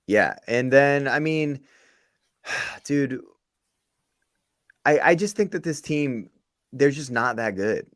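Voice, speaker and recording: A man's voice: mid-range voice, animated, takes it slowly, long pauses, fairly bright tone, no echo, studio quality. A young man co-hosting a sports podcast, casual and slangy, exasperated about the team. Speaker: podcast co-host.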